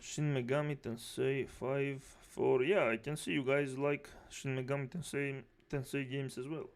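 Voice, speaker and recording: A man's voice: mid-range voice, little pitch movement, normal speed, noisy background. A man streaming, reacting to videos and answering chat with angry, profane rants. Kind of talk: live reaction commentary.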